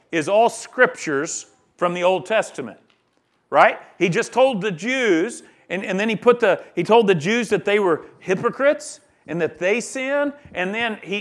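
High-voiced man preaching emphatically. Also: a bit bright. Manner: emphatic, conversational preaching with frequent "right?" asides. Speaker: pastor. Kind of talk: sermon.

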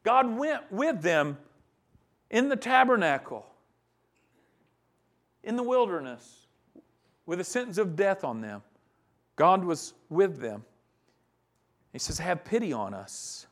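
A pastor preaching a sermon on a psalm, earnest and swelling to emphatic peaks, with soft chuckles between points. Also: male voice, high voice, big pitch swings, takes it slowly, pauses often.

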